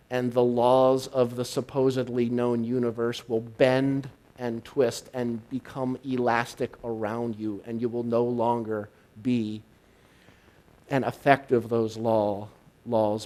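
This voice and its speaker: A male minister giving a live sermon, swinging from hushed and intimate to loud and excited. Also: mid-range voice. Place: church service, live.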